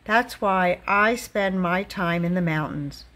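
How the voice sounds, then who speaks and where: Big shaggy painter dad talking soft and kind to his kid, a lady reading it, storybook. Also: on the low side, slow pace. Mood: gentle. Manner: soft, patient and kindly. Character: gentle big bearded male painter, father.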